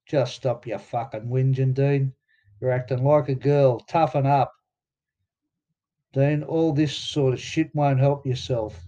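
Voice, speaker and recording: A man's voice: medium pitch, steady tone, slow pace, warm tone, dull audio, natural voice. A man with an Australian accent reading the lines of a blunt, swearing middle-aged father. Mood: scolding.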